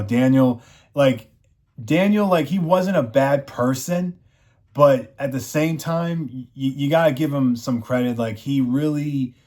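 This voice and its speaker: An excitable man recapping a TV finale for his channel in a rambling, casual way. He loosely acts out the lines of the characters in his own voice, at a middle pitch. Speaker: show recap host. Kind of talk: enthusiastic casual episode recap.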